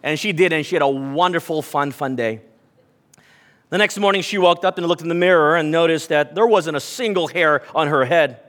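High-voiced male pastor, reverberant hall. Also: a little fast, a bit bright. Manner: storytelling, reads scripture aloud, addresses congregation. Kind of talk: sermon.

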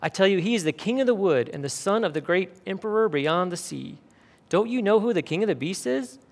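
A stern, insistent talking beaver from a storybook, read aloud by a man. He presses his point emphatically, in a voice pitched a little high. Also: very animated, measured pace, a little mellow, slightly rough, exaggerated voice. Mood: explaining.

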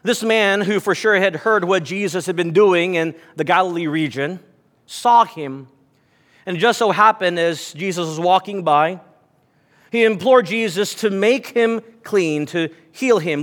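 A man's voice: high-pitched, a little slow, fairly bright tone, in a large hall. A man preaching a sermon to his congregation, telling stories and reading scripture aloud. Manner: storytelling, reads scripture aloud, addresses congregation. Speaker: pastor.

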